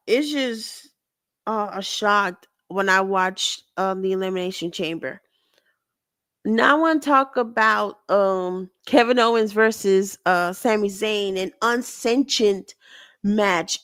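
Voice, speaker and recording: In clean, echo-free studio sound, a woman with a mid-range, clean-toned voice hosts her show. She goes over a wrestling recap in a lively, rambling manner, correcting herself frequently.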